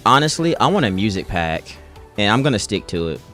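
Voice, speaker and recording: Laid-back low-voiced male streamer. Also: very animated, brisk, fairly bright tone, faint music behind. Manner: laid-back, slangy, reads chat aloud. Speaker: streamer reacting live with chat. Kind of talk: casual live-stream chat.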